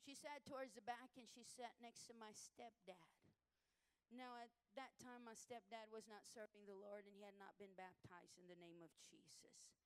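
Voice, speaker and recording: A woman preacher giving a sermon testimony, telling stories in an animated way and acting out what people said. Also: medium pitch, moderate pace, smooth, rough recording. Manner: animated storytelling, acting out quotes.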